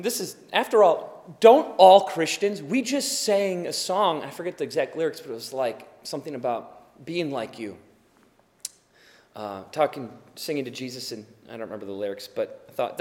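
A tired man preaching as a pastor, earnest and swinging from quiet to loud emphasis. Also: on the high side, long reverb tail. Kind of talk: sermon.

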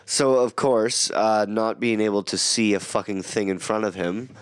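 A man's voice: lowish voice, steady tone, normal speed, clean tone, no room sound, clean studio sound. A man co-hosting a podcast, casually recapping a cartoon episode and joking with friends. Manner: laid-back storytelling with swearing and laughs. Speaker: podcast co-host.

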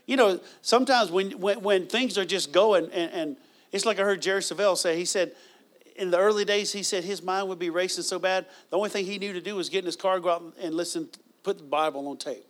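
A man preaching a sermon in a conversational way, with bursts of loud praise and chuckles as he tells stories. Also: high-pitched, a little fast. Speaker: pastor.

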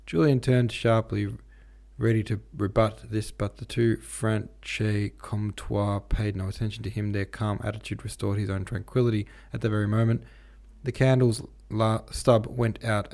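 A man's voice: fairly low pitch, a little mellow. A man reading a novel aloud, voicing the characters, with frequent stumbles and self-corrections. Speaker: audiobook reader. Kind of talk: unpolished audiobook reading.

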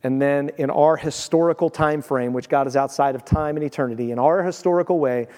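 A man's voice: on the high side, fairly quick, darkish tone, big-room sound. A male pastor preaching a sermon in an emphatic, conversational way with casual asides.

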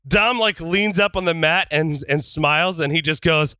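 A man's voice: on the high side, moderate pace, few pauses, clean tone, no echo. A man playing a tabletop wrestling game, narrating his wrestler's moves in a playful, profane way. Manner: profane, playful, switches into shouted wrestler taunts.

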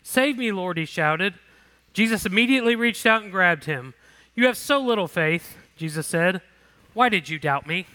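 A man's voice: high voice, expressive, normal speed, bright, forceful tone. Man teaching a casual Bible lesson. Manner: conversational, reads scripture then comments casually.

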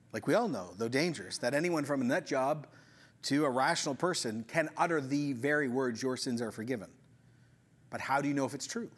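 A male pastor preaching a sermon, retelling a scene in a lively storytelling way with acted-out voices and quick asides. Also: a little high, husky.

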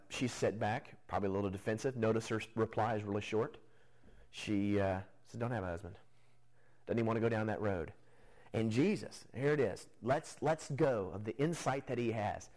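A man preaching a sermon at a middle pitch. He talks conversationally, walking listeners through a Bible passage, and now and then lifts his voice for emphasis. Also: a little mellow, rough recording. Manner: conversational preaching, rising emphatically at key points. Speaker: pastor.

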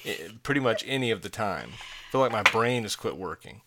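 A man's voice: fairly low pitch, expressive, fairly quick, heavy background noise. A man in his forties co-hosting a casual chat, telling rambling, self-mocking stories with frequent laughter. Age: 40s. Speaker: podcast co-host.

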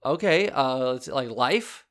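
A man's voice: medium pitch, animated, a little slow, a bit bright. Flustered, stammering male podcast host. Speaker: podcast host playing an advice doctor. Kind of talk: improvised comedy podcast.

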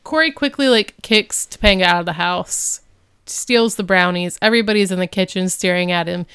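A woman co-hosting a casual podcast, chatting in a wry, animated way. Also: on the low side, a little fast, smooth, no room sound, studio quality. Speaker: podcast co-host. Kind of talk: casual rewatch podcast chat.

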